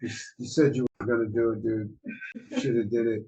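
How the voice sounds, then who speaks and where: A man co-hosting a podcast, giving relaxed, mentoring advice in a casual chat. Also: mid-range voice, brisk, poor audio. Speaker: podcast co-host.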